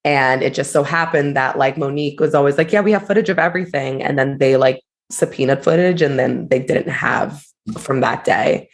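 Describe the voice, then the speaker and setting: A woman co-hosting a podcast, chatting in a gossipy, animated way and saying "like" a lot. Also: rumbling low, normal speed. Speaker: podcast co-host. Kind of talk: casual chat.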